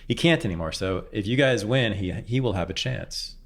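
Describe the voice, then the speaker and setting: Deep-voiced blunt man hosting a podcast. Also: moderate pace. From San Francisco Bay Area. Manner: animated, blunt, swears freely, big pitch jumps. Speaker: podcast host. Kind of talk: casual interview chat.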